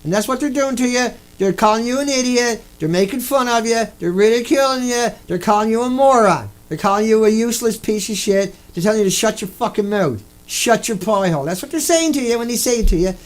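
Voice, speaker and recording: Man, high voice, angry rant, repetitive, swearing, video blogger. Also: a little fast, few pauses. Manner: ranting, repetitive, swears often.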